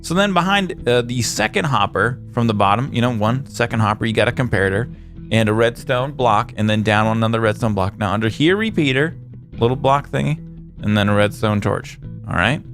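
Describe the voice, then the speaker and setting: A man's voice: mid-range voice, fairly quick. A young man casually commenting on his game in a playful, goofy way, with made-up words. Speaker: gaming video host. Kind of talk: casual let's-play commentary. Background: soft guitar music.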